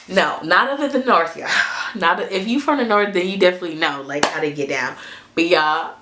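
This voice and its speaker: A young woman, telling a story to her camera in a lively, cussing, chatty way. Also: lowish voice, brisk, roomy sound, background noise. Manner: animated, swears freely, asides to viewers. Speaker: storytime vlogger.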